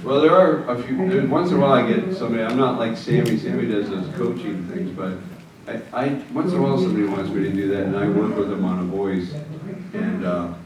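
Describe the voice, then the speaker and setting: A man's voice: lowish voice, fast, recorded from a distance, over a noisy crowd. Older guy chatting at a workshop, jokey, echoey room with an audience. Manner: chatty, joking storyteller. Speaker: ventriloquist workshop presenter. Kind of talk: workshop talk.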